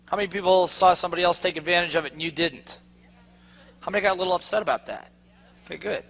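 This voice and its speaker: A man's voice: high-pitched, quick pace, creaky, a bit bright. A man giving a sales seminar to a live audience, quizzing them with fill-in-the-blank questions. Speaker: sales trainer. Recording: long hall reverb.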